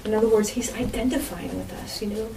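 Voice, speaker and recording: A woman's voice: fairly high pitch, level tone, quick pace, warm tone, recorded from a distance. Woman, informal sermon, conversational, roomy echo, faint background noise. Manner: conversational, frequent "you know" asides. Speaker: Bible teacher.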